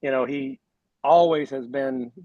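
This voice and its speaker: A man's voice: mid-range voice, a little slow, dark tone, dry recording, dull audio. A man with an Oklahoma drawl, a guest on a casual podcast, rambling with lots of "you know" and restarts. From Oklahoma, USA. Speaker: guest, sprint car driver.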